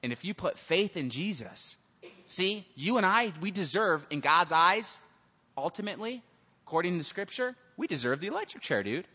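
A pastor preaches an animated sermon, slipping into the voices of the people in his stories. His voice sits a little high for a man. The sound is dull and lo-fi, with a long reverb trailing off the walls of a large hall. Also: normal speed, husky.

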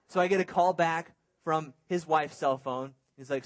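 A man's voice: fairly high pitch, moderate pace, few pauses. A young man preaching a sermon to a youth church, earnest and conversational with humorous asides. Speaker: youth pastor.

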